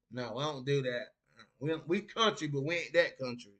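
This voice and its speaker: A man's voice: medium pitch, fairly quick, a bit bright. A young man from North Carolina with a Southern accent, hosting a casual live stream, reading chat comments aloud and laughing often.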